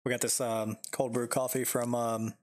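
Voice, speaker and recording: A man's voice: mid-range voice, level tone, moderate pace, no room sound, studio quality. A man chatting casually while streaming a game from home, rambling and laid-back, swearing often.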